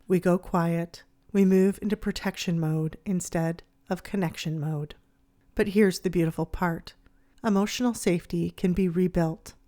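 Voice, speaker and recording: A woman speaking in a soft, soothing, measured way, her voice sitting a little low. She narrates calmly, as the host of her own show. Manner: gentle, soothing, measured delivery. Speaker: podcast host. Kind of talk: calm scripted narration.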